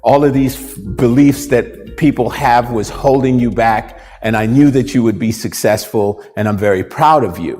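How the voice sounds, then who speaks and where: A man's voice: medium pitch, moderate pace, hardly any pauses, a little mellow, lightly acted. A sly, kindly old village elder, as a storyteller puts him on, speaking in a raised, reassuring voice. His words ring out with a long hall echo, and faint music sits behind him. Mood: proud.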